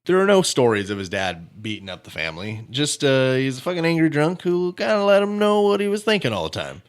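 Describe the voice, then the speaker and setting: A man's voice: on the high side, very animated, fairly quick, smooth. A man hosting a true-crime comedy podcast, joking casually and laughing often. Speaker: podcast host.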